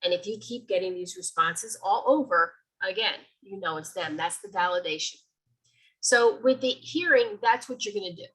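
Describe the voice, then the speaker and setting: Husky, chatty woman giving a talk. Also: medium pitch, moderate pace, rough recording. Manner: chatty, animated, acts out sounds. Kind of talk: informal library talk.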